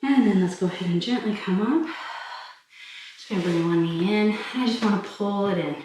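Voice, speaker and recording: A woman fitness instructor calmly talking listeners through a stretching cool-down while doing it herself. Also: mid-range voice, moderate pace, noisy background. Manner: calm, encouraging cues while demonstrating stretches. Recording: very echoey room, mic far off.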